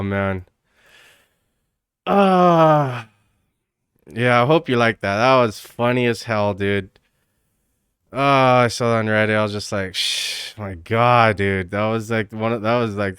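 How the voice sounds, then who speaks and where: Laid-back streamer, slow and laughing. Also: male voice, medium pitch, a bit bright, clean tone, no room sound, clean studio sound. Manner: laid-back, laughing often, swearing, loose and rambling. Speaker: streamer reacting to a clip. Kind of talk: casual live-stream commentary.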